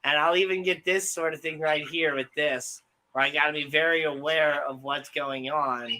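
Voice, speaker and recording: A man's voice: a little high, moderate pace. A young man co-hosting a livestream, telling rambling stories in casual chat with plenty of fillers. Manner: rambling, relaxed storytelling with fillers. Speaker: co-host.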